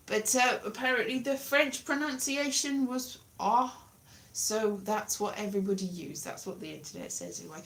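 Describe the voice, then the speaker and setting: A woman's voice: mid-range voice, a bit bright. A woman chatting to a live audience in a rambling, self-deprecating way, wandering off topic. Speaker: livestreamer. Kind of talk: casual rambling chat.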